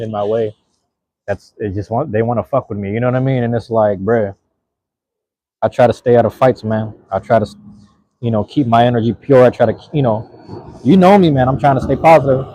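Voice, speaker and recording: A man's voice: medium pitch, darkish tone. Laid-back man chatting while eating. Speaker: live streamer. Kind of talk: casual live-stream chat while eating.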